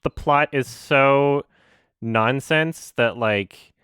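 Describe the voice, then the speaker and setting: A man hosting a casual group call, rambling and halting with many fillers. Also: medium pitch, fairly bright tone, clean tone, dry recording, studio quality.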